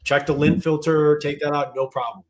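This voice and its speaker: A man's voice: fairly high pitch, steady tone, moderate pace, darkish tone. Laid-back man griping on a podcast. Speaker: podcast co-host. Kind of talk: casual chat.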